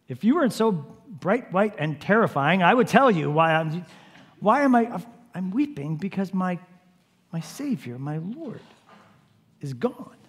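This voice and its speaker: A man's voice: a little high, animated, moderate pace, a little mellow, breathy edge. A man plays a grieving woman at her wits' end, raising his tone a notch as she pleads and stumbles over her own words. The voice carries a long reverb from a large hall. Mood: exasperated grief. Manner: pleading, breaking into broken restarts. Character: grieving woman, desperate and indignant.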